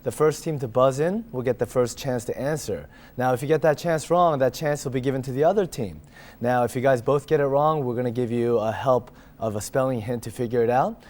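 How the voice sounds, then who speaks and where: A man with a husky voice from a cold, hosting a quiz show and reading out the questions and rules with joking asides. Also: mid-range voice, fairly quick, darkish tone. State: has a cold.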